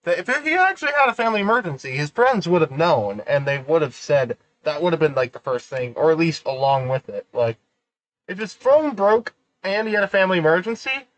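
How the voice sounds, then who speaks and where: A man's voice: a little high, big pitch swings, brisk, dry recording, rough recording. A man hosting a livestream, reacting casually to a clip, rambling with fillers and eating while he talks.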